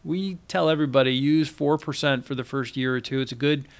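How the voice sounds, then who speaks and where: A man's voice: mid-range voice, a little fast. A man co-hosting a finance podcast, explaining articles in a casual chat and reading quotes aloud with emphasis. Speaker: podcast co-host, financial advisor.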